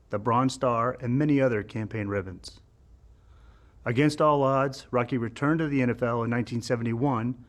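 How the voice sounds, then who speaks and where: A man hosting an event, reading a formal, measured introduction of the guest speaker. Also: mid-range voice. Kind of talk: read introduction.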